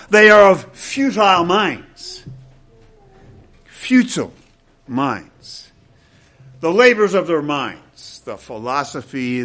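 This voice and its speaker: An older man preaching an expository sermon to his congregation, emphatic and quick with wry asides. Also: a little high, fairly bright tone. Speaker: pastor.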